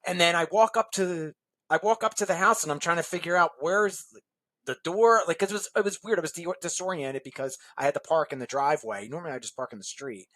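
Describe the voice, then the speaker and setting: A man being interviewed relates a lengthy story in a casual, animated way, chuckling and imitating the voices of the people involved. He talks quickly at a fairly high pitch, and there's no echo.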